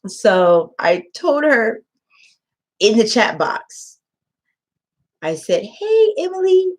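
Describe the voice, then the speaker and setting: Chatting casually to camera, an online English tutor recounts a story with feeling, performing the quoted lines. Her medium-pitched voice is expressive, and she draws out her words.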